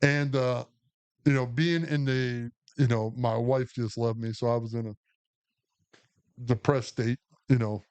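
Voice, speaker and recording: A man's voice: mid-range voice, fairly even intonation, measured pace, darkish tone, clear, resonant tone. A man, co-hosting a podcast and telling a long, profane, rambling story full of restarts. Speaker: podcast co-host. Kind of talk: casual storytelling chat.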